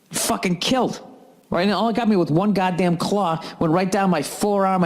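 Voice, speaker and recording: A man ranting as a comedian and podcast host, telling a story in an animated, profanity-heavy way. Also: a little high.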